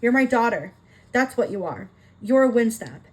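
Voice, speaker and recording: A woman voicing a gentle, protective merman father who reassures his daughter. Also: a little high, expressive, normal speed, slight background noise, lightly acted. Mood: reassuring.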